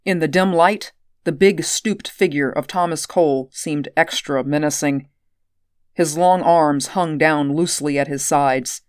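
A woman reads a story aloud at a steady, measured pace. Her voice sits low and the recording is dry and close, with no room sound. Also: smooth, no echo. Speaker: narrator. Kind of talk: audiobook narration.

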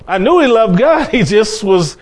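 A middle-aged man preaching a sermon as a pastor, folksy, with sudden emphatic bursts and soft drop-offs. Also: high voice, sing-song, moderate pace.

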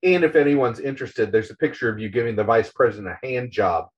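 A man's voice: mid-range voice, lively intonation, fast talker, dull audio, pitched below the performer's own voice, close to an everyday voice. A man doing a furious, foul-mouthed cynical journalist. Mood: sneering. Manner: angry ranting, profane.

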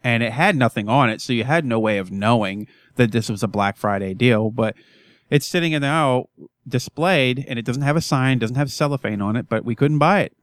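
Male podcast co-host, deadpan storyteller, crude humor, dry studio sound. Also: medium pitch, a little fast, dry recording. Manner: wry, deadpan storytelling with cursing. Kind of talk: casual profane chat.

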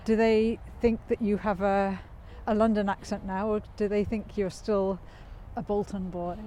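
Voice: medium pitch, level tone, moderate pace, mellow, a little hiss or hum. An interview host asking questions in a friendly, encouraging way, often laughing along. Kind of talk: casual conversational interview.

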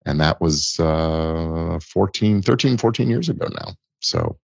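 A middle-aged entertainment lawyer, appearing as an interview guest, gives thoughtful conversational answers and often restarts his phrases. His voice is low-pitched, animated and creaky at a measured pace, on a muffled recording with no room sound.

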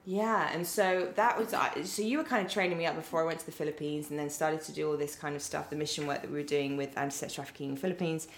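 Low-voiced chatty English woman host. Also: steady tone, fast talker, few pauses. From England. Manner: chatty and playful, laughs often, rambling asides. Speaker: podcast host. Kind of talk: casual chat. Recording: echoey room.

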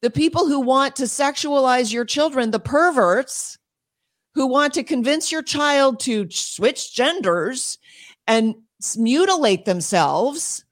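A woman speaking as an interview guest and homeschool advocate, emphatic and quick, with frequent laughs and restarts. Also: sits high, animated. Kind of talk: passionate interview talk.

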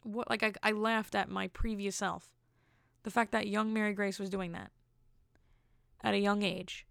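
Gravelly-voiced young woman rambling on her podcast. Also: medium pitch, steady tone, moderate pace, fairly bright tone, dry recording, studio quality. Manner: rambling, self-amused, jokey asides. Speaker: podcast host. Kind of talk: casual solo podcast storytelling.

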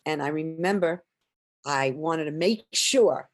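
An older woman, a stage singer, telling lively anecdotes in an interview, acting out quotes and laughing often. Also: low voice, slow pace. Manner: animated storyteller, acts out quotes, laughs often.

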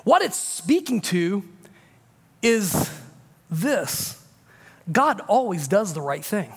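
A man's voice: high voice, sing-song, takes it slowly, breathy edge, in a large hall. A man pastor preaching a sermon, swinging between emphatic declarations and casual, confiding talk.

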